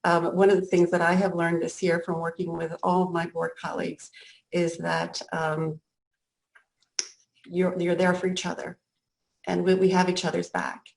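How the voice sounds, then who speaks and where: A middle-aged woman leading a school board meeting, speaking in an emotional, halting way with many restarts. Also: fairly low pitch, flat delivery, gravelly, slight background noise, poor audio. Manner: emotional, halting, near tears.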